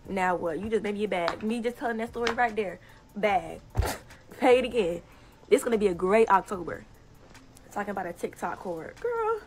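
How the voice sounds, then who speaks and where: A young woman telling a casual story time on social media, animated and indignant, often breaking into laughter. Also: medium pitch, normal speed, background noise. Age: young adult. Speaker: TikTok storyteller.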